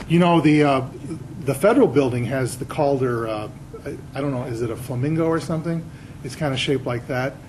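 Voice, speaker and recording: A man's voice: mid-range voice, a little hiss or hum, low-quality recording. A man, an author, giving a casual slide lecture to an audience, telling anecdotes and quizzing the crowd. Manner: chatty storyteller, quizzing the audience.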